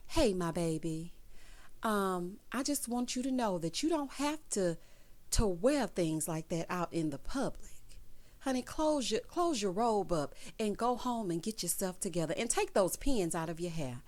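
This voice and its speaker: A woman putting on a soft-spoken motherly woman who gently scolds in a slow, hushed voice. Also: mid-range voice, lively intonation, natural voice. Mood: gentle scolding. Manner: slow, hushed and sweetly chiding.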